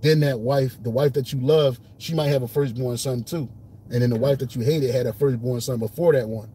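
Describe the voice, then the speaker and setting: A man's voice: mid-range voice, fairly quick, a little hiss or hum. A man leading an informal Bible study, reading verses and explaining them in casual, streetwise speech. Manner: casual streetwise speech, lively when retelling scenes. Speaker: Bible teacher.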